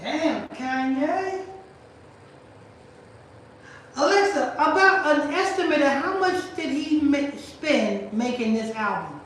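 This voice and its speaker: Woman host, high voice, loud rambling rant, echoey room, far from mic. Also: lively intonation, a little slow, slight background noise. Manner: loud, rambling, repeats herself, questions a voice assistant. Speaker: channel host. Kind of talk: ranting commentary stream.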